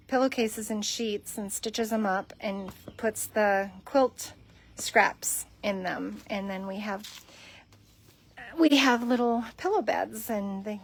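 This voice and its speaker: A woman chatting casually on a livestream from a cat shelter room, cooing softly at the cats as she films on her phone. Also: medium pitch.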